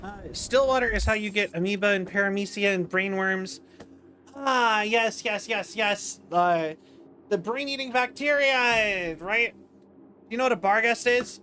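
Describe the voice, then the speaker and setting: Male streamer, high voice, rambling chatter, self-deprecating. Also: sharp tone, slight background noise. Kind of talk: live-stream gameplay chat.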